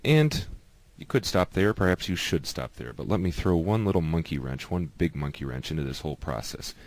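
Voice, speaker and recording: A man giving a patient, explanatory lesson, slowly repeating each example word. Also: a bass voice, animated, darkish tone, no echo. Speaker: teacher.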